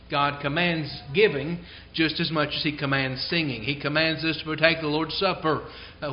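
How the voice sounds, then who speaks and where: A man preaching a sermon in a church service, earnest and emphatic, slowing down to stress key phrases. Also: on the high side. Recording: dull lo-fi sound.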